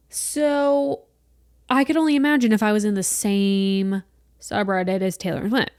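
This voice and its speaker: A woman in her late twenties hosting a solo podcast, chatting in an animated way and swearing casually. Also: on the high side, unhurried, no room sound, studio quality. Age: late 20s. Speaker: podcast host.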